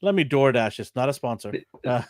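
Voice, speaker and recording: A man co-hosting a toy show in casual chat, reading viewer comments and teasing with quick jokes. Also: mid-range voice, lively intonation, no room sound.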